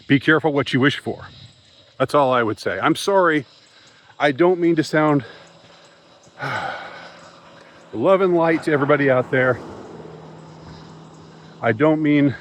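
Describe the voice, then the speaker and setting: A man's voice: mid-range voice, slight background noise, rough recording. A man vlogging an upset, rambling monologue to camera, stumbling and repeating himself as he talks. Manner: agitated, halting, repeats himself.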